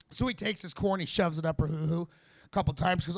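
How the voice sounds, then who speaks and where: Performing at a tiny comedy venue in a vape shop, a nervous man rambles through an amateur stand-up set, halting often to restart and leaning on fillers. His voice is high-pitched, with fairly even intonation.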